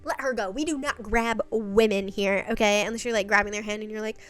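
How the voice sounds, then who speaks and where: A woman's voice: medium pitch, fairly even intonation, brisk, faint music behind. A young woman giving a casual, chatty recap of a web series, full of sassy, exasperated asides.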